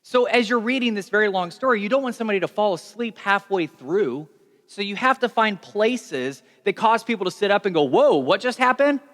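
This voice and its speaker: A young adult man preaching a sermon as pastor, telling stories in a conversational, animated way. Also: sits high, fairly quick. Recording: long reverb of a large hall.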